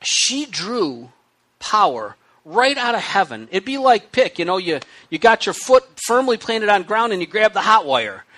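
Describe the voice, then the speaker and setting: A man preaching a sermon with hiccups, reading scripture aloud and explaining it in an animated, conversational way. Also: high-pitched, moderate pace, hardly any pauses. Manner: animated, conversational teaching with asides. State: has the hiccups.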